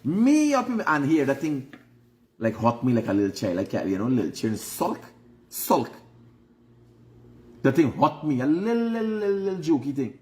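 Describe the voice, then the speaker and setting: Hosting his vlog, a Guyanese man offers casual, blunt life advice with a preachy edge, repeating phrases to drive points home. His fairly high voice is a little mellow and swings widely in pitch, at normal speed with frequent pauses.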